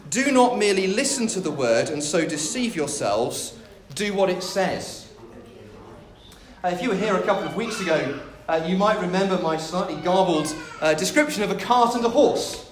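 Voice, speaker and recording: A preacher delivers a sermon, drifting easily into stories with a light touch of humor. His voice sits high for a man. The sound rings around a reverberant room.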